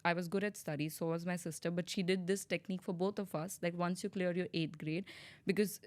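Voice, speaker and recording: A woman's voice: on the low side, fairly quick, no echo. A young woman from India, a podcast guest, telling her life story in casual chat and acting out the voices of the people in it. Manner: animated storytelling, acts out quoted voices.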